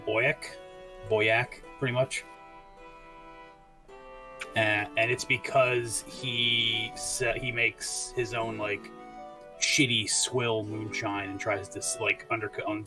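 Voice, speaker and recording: A man playing at a tabletop game, talking haltingly with many fillers. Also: lowish voice, flat delivery, over music. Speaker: player. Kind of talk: casual improv at a game table.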